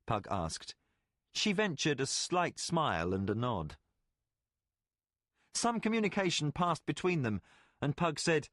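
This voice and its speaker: A man narrating a fantasy audiobook in an expressive, storytelling way. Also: medium pitch, moderate pace, no echo, clean studio sound.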